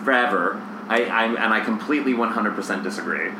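A man's voice: fairly low pitch, a little fast. A man co-hosting a podcast, arguing his point insistently in casual banter. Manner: insistent, argumentative. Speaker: podcast host. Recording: echoey room with clear background noise.

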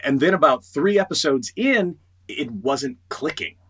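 A middle-aged man, a voice actor, telling stories in a casual interview, animated and quick to mimic others. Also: on the high side, husky. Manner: animated storyteller, quotes others in lively voices. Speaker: voice actor guest.

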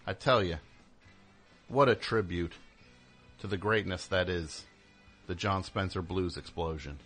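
A man hosts a radio show, rambling and joking into a studio mic and cutting himself off mid-thought in a casual monologue. His voice is low, unhurried, and fairly bright, with faint music behind him.

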